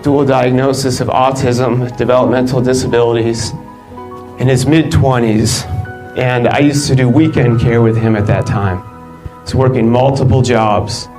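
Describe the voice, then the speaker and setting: A man in his thirties giving a live motivational keynote, telling his story in a lively, conversational way with lots of "like" fillers. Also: medium pitch, normal speed, soft background music, low-quality recording. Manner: animated, conversational, many "like" fillers, laughs between lines. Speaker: keynote speaker. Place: live event stage.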